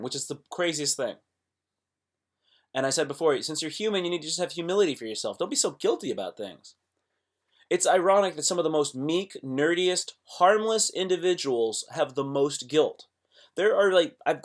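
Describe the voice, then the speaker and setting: Young male streamer giving an animated motivational talk that swings from quiet to loud. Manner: animated, swings between low murmurs and loud exclamations; acts out quoted voices. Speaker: live streamer. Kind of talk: casual motivational monologue.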